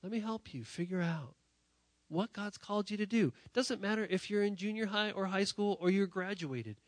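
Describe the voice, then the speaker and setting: A man preaching a sermon to young people in a church, talking while sick, emphatic and direct, often repeating phrases and swinging from loud to quiet. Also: sits high, animated, moderate pace, no echo. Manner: emphatic, rising to near-shouting then dropping quiet; repetitive, direct address to the audience. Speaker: youth pastor.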